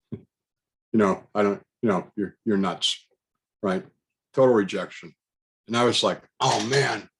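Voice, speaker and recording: A man's voice: on the low side, fairly bright tone, slightly rough, poor audio. A man telling a personal story in a casual, rambling way, full of asides and self-corrections. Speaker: speaker recounting a personal experience. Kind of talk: casual spoken testimony.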